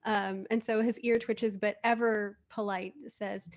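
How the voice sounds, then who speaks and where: A woman's voice: medium pitch, little pitch movement, a little slow. A woman playing a tabletop game, giggly and hesitant. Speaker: player.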